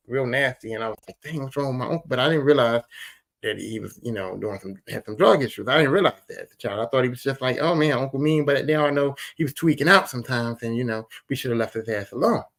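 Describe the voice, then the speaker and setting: Philly guy on a podcast, middle aged, bright voice, storytelling and repeating himself for emphasis. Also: mid-range voice, creaky. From Philadelphia. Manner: animated, repetitive, emphatic retelling. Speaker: podcast host. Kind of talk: casual storytelling.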